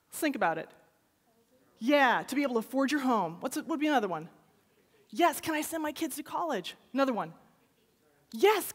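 A woman giving an animated conference keynote, often turning to the audience with a quick "right?". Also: on the high side. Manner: lively, animated, talks to the audience with frequent "right?". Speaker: keynote speaker. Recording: long reverb of a large hall.

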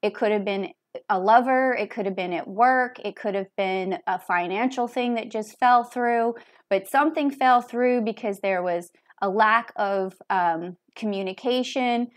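A woman's voice: mid-range voice, measured pace. A woman giving a casual tarot reading, chatting and laughing often as she speaks straight to the viewer in a heartfelt way. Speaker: tarot reader.

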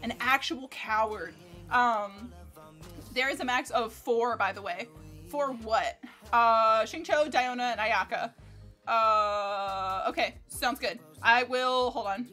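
A woman with a high voice gives casual, animated commentary as she streams a game. She keeps up a running chatter and curses at the enemies. Game music plays clearly behind her. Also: slow pace. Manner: animated, exclaiming and cursing at the game. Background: game music and sounds.

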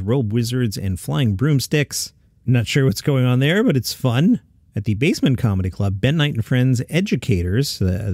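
A man's voice: mid-range voice, darkish tone, dry recording, studio quality. Chatty comedy-news podcast host, man. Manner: chatty, reads listings with quick asides. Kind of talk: casual news roundup.

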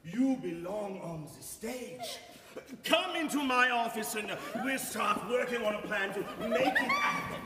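An actor playing a bumbling, jolly police chief who runs a jail, on a live stage. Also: male voice, huge pitch swings, unhurried, a loud crowd, heavily acted. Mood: jovial. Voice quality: bombastic, booming exclamations. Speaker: opera singer-actor in a staged comedy. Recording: roomy hall heard from far off with faint noise.

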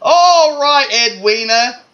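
A man's voice: extremely high pitch, expressive, slow pace, sharp tone, dull audio, voice pushed up, full character voice. A man doing a showy game show host. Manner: announcer-style, upbeat.

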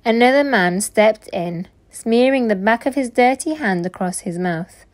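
Lady teacher reading a kids book out loud, slow and expressive. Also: a little high. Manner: slow, expressive read-aloud narration. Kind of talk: storybook reading aloud for children.

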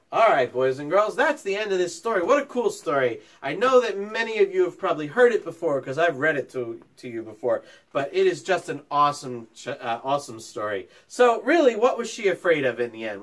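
Lively man teacher talking to young kids. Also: fairly high pitch. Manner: friendly questions to young pupils. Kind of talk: story time read-aloud for children. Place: at home.

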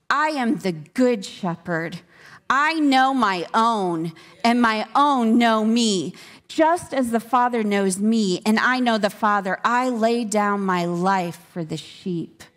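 A woman teaching a women's Bible study, earnest and devotional, repeating key phrases for emphasis. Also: medium pitch.

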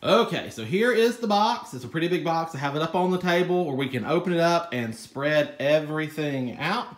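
A man with a Southern US accent, hosting a gardening channel and chatting excitedly through an unboxing. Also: a little high, fairly quick. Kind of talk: casual vlog unboxing.

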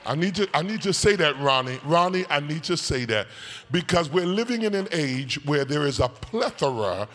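Bishop delivering a call-and-response sermon; a man with a fairly high, bright voice, whooping cadence, big church echo. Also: expressive, moderate pace, slight background noise. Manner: call-and-response preaching, swinging from soft to shouted; sing-song whooping cadence. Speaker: bishop preaching. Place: church sanctuary. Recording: long church hall reverb.

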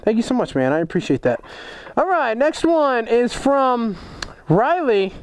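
A young man with a fairly high voice talks loosely and excitedly to his viewers. He swears freely, jokes around, and reacts loudly as he goes through his fan mail. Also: a little slow, dry recording. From United States. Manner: excitable, swears a lot, jokey. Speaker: motorcycle vlogger opening fan mail. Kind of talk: casual vlog chat.

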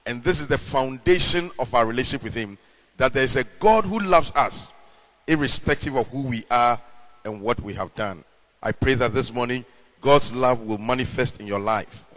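A middle-aged man preaches a sermon at a deliberate pace, leaning on key words and drawing them out. His voice sits at an ordinary male pitch. A long reverb trails behind every phrase. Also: a bit bright. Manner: slow, measured preaching with drawn-out emphasis. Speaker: pastor.

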